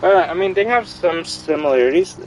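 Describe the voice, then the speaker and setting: A man's voice: high voice, expressive, brisk, a little mellow, recorded from a distance, a little hiss or hum, rough recording. A young man from Canada, a gaming streamer, chatting casually and rambling through gameplay commentary, swearing freely.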